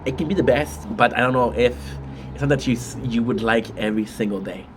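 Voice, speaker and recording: A man's voice: mid-range voice, fairly quick, slight background noise. A man chatting casually on a live stream while eating spicy food, rambling with restarts and frequent mm sounds.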